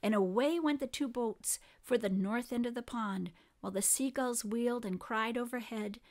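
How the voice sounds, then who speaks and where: Female reader, slightly high voice, expressive storybook narration. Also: normal speed. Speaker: reader of a children's book. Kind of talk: reading a storybook aloud.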